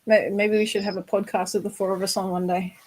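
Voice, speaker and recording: A woman's voice: medium pitch, little pitch movement, fast talker, a little mellow, low-quality recording. An Australian woman hosting a podcast interview, speaking earnestly and reassuringly, with casual swearing for emphasis. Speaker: podcast host.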